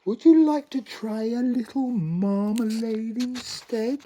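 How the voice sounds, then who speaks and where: A man voicing a gentle, persuasive queen in a storybook reading. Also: very high voice, slow, pitched above the performer's own voice, full character voice. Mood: coaxing.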